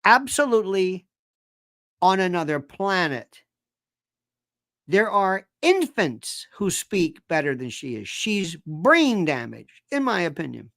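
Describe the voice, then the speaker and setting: Lively, lecturing man host from Florida. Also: sits high, takes it slowly, vocal fry, no room sound, studio quality. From Tampa, Florida, USA. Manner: lecturing, pedantic, sarcastic. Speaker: show host. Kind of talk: live commentary monologue.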